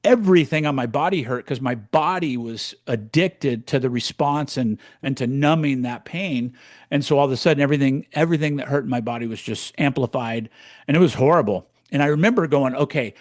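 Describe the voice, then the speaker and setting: A man in his sixties from California tells his story in a casual podcast chat. He talks bluntly and with animation, swearing freely. His voice sits at an average pitch and sounds dry and close. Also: fairly quick, no room sound. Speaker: podcast co-host, real estate coach.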